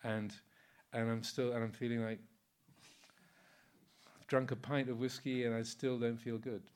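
A man in his sixties, a Buddhist monk, giving an informal Dharma talk in a relaxed, anecdotal way, with many fillers and frequent chuckles. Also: medium pitch, moderate pace, smooth.

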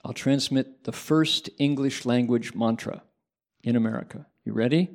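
A man voicing an old male Buddhist master with a gravelly voice, calm, sure of himself and gently teasing. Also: mid-range voice, moderate pace, close to an everyday voice. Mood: playful assured. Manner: bright, assured delivery with a playful edge.

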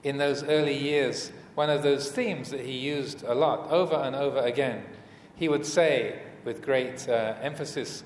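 A man's voice: medium pitch, fairly even intonation, measured pace, hardly any pauses. Hesitant man giving a dharma talk in an echoey hall. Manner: hesitant, many fillers and restarts, gentle humor. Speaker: Buddhist monk teacher. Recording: echoey hall, faint room noise.

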